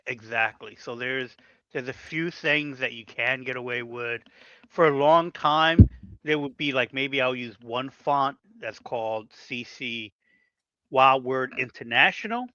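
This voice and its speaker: A man's voice: medium pitch, pushed and bright, no room sound, dull audio. A man who letters comics, chatting casually and explaining his work at length. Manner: explains at length, acts out editors' requests. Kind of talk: casual podcast chat.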